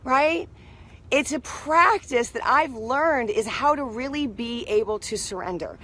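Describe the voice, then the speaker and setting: A woman telling a story in a casual spiritual pep talk, animated and constantly checking in with the listener. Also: on the high side. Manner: animated, keeps asking "right?". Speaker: motivational speaker.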